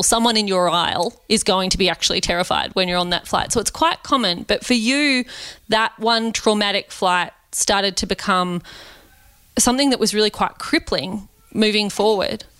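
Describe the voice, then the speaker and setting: A woman interviewer asking questions in a measured, explanatory way. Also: mid-range voice, a bit bright, no echo.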